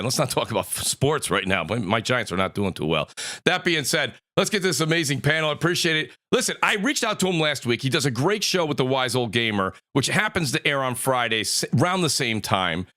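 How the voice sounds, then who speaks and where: A man hosting a live gaming podcast panel, introducing guests with energetic hype. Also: fairly high pitch. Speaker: podcast host. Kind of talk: casual panel show hosting.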